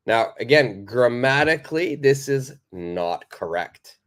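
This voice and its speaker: A man's voice: medium pitch, expressive, a little slow, hardly any pauses, fairly bright tone. A man teaching English in a live online lesson, explaining phrases emphatically and reading out viewer comments.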